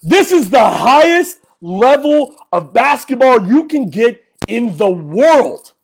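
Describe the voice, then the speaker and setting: Man, angry sports podcast host, high voice, swooping pitch, slow deliberate ranting, bursts of yelling. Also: big pitch swings, creaky, slightly rough. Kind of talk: heated fan rant.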